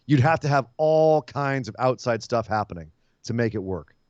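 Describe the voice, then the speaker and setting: Man, podcast co-host, animated recap, laughs a lot, dry dull recording. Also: mid-range voice, moderate pace, no room sound. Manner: animated, laughs often, jumps into impressions. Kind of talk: casual wrestling recap chat.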